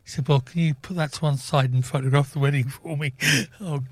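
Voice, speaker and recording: A man's voice: fairly high pitch, steady tone, fairly quick, no echo. An older man co-presenting a radio show, telling family stories in casual chat.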